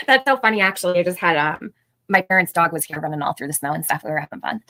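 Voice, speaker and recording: A chatty middle-aged woman hosts a casual livestream. Her voice sits a little low, and she greets viewers by name and laughs often. The sound is dry and close, with no room around it. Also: expressive, fast talker, bright, forceful tone, dry recording, low-quality recording. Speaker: livestream host.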